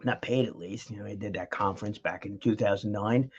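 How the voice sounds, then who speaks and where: A man's voice: fairly low pitch, a little fast, husky. A middle-aged man talking casually at home in a rambling vlog, with lots of fillers. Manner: rambling, chatty, frequent fillers and laughs. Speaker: vlogger. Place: home, with a dog nearby. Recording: dull lo-fi audio.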